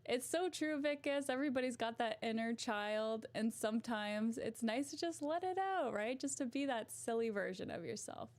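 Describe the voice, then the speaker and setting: A woman's voice: a little high, animated, normal speed, hardly any pauses. A young woman hosting a casual livestream, chatty and giggly as she talks to her viewers. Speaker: livestream host.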